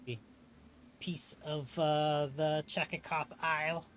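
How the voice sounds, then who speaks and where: A man narrating as game master of a tabletop game, pausing often with ums and uhs. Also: a little high, little pitch movement, a bit bright, a little hiss or hum. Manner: halting, many ums and uhs.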